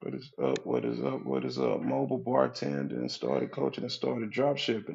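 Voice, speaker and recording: A man coaching on a live stream, greeting viewers by name, repeating his points and pitching his community in a casual way. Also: expressive, fairly quick, gravelly, hardly any pauses, darkish tone, lo-fi sound.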